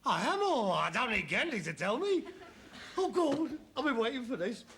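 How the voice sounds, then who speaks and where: An actor playing a sarcastic, mocking middle-aged son in a sitcom scene. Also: male voice, very high-pitched, big pitch swings, moderate pace, fairly bright tone, heavily acted. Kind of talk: 1970s sitcom acting.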